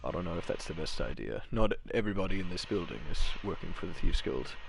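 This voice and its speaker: A man's voice: sits low, sing-song, fast, vocal fry, background noise. A man running a tabletop game as its game master, talking in a hesitant way full of ums.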